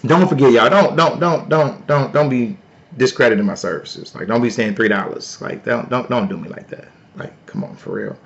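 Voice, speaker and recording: A man hosting a live stream, talking loudly and playfully to his viewers in a casual sales pitch. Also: moderate pace, vocal fry, dull audio. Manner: loud, playful, talks to chat. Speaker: livestream host.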